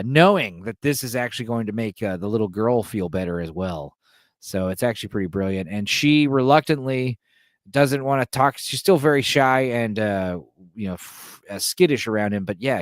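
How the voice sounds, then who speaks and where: A man on his podcast walks through a film's plot in a loose, rambling way, with plenty of "uh" and "you know." His voice sits at an ordinary middle pitch. The recording is dry and close, with no room sound. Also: no echo. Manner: loose, rambling, filler-heavy. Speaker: podcast host. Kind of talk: casual film retelling.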